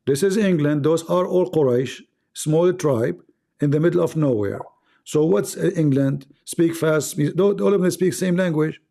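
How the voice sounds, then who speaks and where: A man's voice: fairly high pitch, normal speed, creaky, dark tone. A man hosting a heated live online debate, arguing in broken English, cutting in and repeating phrases to make his point. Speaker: debate host.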